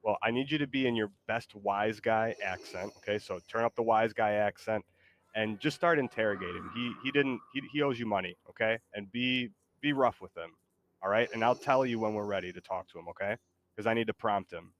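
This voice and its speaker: A male streamer with a somewhat low voice chats casually, coaxing his co-host along. His talk rambles and restarts, and faint noise sits under it. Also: a little fast, fairly bright tone.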